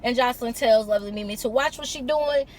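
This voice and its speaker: A woman's voice: fairly high pitch, quick pace, a little mellow, a little hiss or hum. A woman recapping a reality TV episode in a casual, chatty way, mixing summary with blunt, sassy opinions. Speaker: reality TV reviewer.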